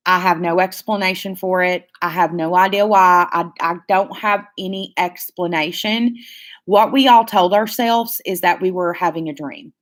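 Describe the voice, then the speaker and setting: A woman's voice: lowish voice, normal speed. A young woman hosting her own channel, telling a story in casual, profane chat, full of "like"s. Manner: profane, animated storytelling with many "like"s. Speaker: channel host.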